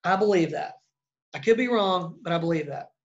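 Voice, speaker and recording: Male real estate coach, blunt and chatty, gravelly voice, lo-fi sound. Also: sits high, moderate pace. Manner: blunt, conversational, acts out example calls. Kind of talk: casual coaching talk.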